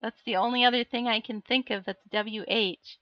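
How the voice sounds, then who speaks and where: A woman's voice: fairly high pitch, steady tone, moderate pace, no echo, dull audio. A woman streamer chatting casually on a live stream, laughing often and answering her viewers. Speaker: live streamer and miniature painter.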